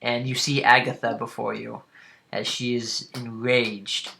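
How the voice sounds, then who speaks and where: A man narrating as dungeon master, halting with many fillers. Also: medium pitch, little pitch movement, creaky, bright, forceful tone. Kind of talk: narrating a tabletop game.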